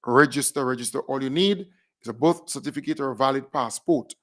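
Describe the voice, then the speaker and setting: A man with a Grenadian accent hosting a radio show, animated, repeating himself as he calls out names and thanks listeners. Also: medium pitch, a little fast. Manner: animated, repeats phrases, big up shout-outs. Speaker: radio host. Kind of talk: casual radio shout-outs.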